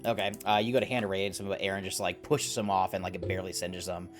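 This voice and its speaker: A man's voice: low voice, flat delivery, fast talker, music in the background. A man narrating as the game master of a tabletop game in a loose, rambling way, with lots of fillers.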